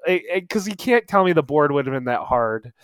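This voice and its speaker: A man's voice: on the high side, sing-song, a little fast, clear, resonant tone, no room sound. A man co-hosting a casual gaming podcast, laughing often and hesitating as his sentences fade out. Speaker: podcast co-host. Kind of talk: casual gaming news chat.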